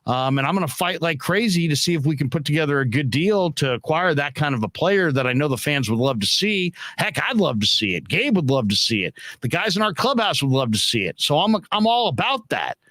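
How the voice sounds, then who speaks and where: A man's voice: brisk, hardly any pauses, dry recording. A man hosting a casual post-game sports talk show, speaking bluntly and animatedly as he reads and riffs on viewer comments. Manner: animated and blunt, with emphatic pitch jumps.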